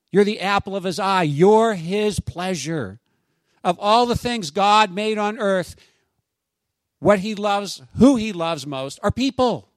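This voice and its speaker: A man preaching a sermon as pastor, in a conversational, animated way with asides to his congregation. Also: high voice, no echo.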